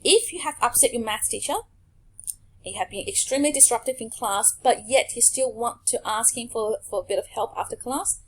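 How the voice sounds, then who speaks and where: A woman whose voice is a little high gives a slide-based language lesson. She speaks clearly and with patience, pausing so the learners can repeat after her.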